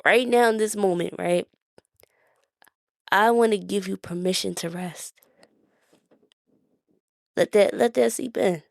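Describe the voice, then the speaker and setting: A woman with a Philadelphia accent talks to her listeners like friends, casual and encouraging, often asking "right?" between points. Her voice sits at an ordinary pitch. The sound is close and dry. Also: slow pace, gravelly, long pauses, dry recording. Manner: conversational, asks "right?" often, laughs easily. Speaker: podcast host. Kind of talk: casual motivational talk.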